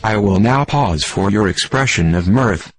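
A synthetic male text-to-speech voice playing a stiff, deadpan sports computer that reads jokes in stilted, formal phrasing for a radio comedy bit. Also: on the low side, unhurried, breathy edge, no room sound.

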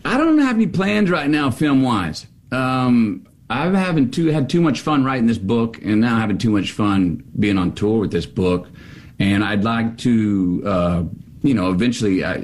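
A middle-aged man spinning an anecdote as a guest, his pitch leaping up and down as he acts out the characters. He talks in a lively storyteller's way, breaking into laughter between lines. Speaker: guest author. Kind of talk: animated storytelling.

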